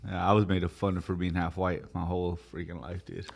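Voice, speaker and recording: Low-voiced man co-hosting, laid-back slang. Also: flat delivery, brisk, gravelly. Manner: friendly and laughing, slangy with "bro" and "dude". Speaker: podcast co-host. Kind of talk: casual conversation.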